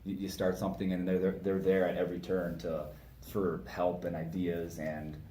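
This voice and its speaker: A man co-hosting a casual chat, earnest and halting, full of fillers. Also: deep voice, level tone, mellow. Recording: echoey room with faint noise.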